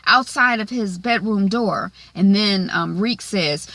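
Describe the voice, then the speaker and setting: Recapping a TV episode, a woman talks at a measured pace with hardly any pauses, her mid-range voice bright and forceful. She's chatty, leans on "um" and "like," and performs the characters' lines, with no room sound in the recording.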